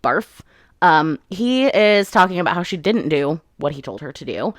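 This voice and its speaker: A woman's voice: on the low side, animated, normal speed, no echo, clean studio sound. A woman hosting a book channel, casually recapping chapters and retelling scenes in quoted voices.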